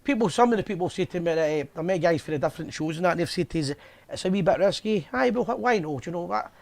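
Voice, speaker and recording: A man's voice: fairly high pitch, animated, very fast, vocal fry. A Scottish man hosting a fan live show, chatting in a casual, jokey, bantering way. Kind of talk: casual chat.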